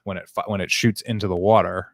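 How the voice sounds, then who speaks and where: A man co-hosting a podcast, explaining things in relaxed casual chat that trails off quietly. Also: deep voice, fast talker, gravelly, no room sound, clean studio sound. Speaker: podcast co-host.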